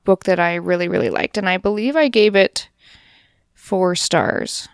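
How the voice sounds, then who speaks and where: Brief: woman podcast co-host, smooth clean voice, dry sound, chatty and upbeat. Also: on the low side, unhurried, no room sound. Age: adult parent. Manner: chatty, enthusiastic, lots of fillers. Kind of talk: casual chat.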